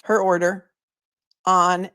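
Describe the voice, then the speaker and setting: A woman attorney hosting a casual livestream, telling stories in a chatty, animated way and talking to her chat. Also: fairly low pitch, slow pace, clean tone, dry recording, clean studio sound. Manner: chatty, animated storytelling, reads chat aloud.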